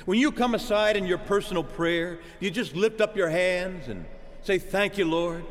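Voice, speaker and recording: A man preaching a sermon to his congregation, animated and calling out to the church for an amen. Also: high-pitched, moderate pace, big-room sound.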